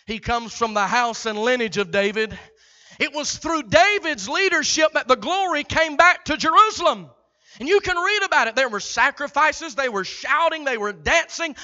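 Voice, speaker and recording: A man preaching a sermon as pastor, in a rhythmic delivery that swells from hushed passages into shouts. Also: extremely high pitch, lively intonation, normal speed, muffled recording.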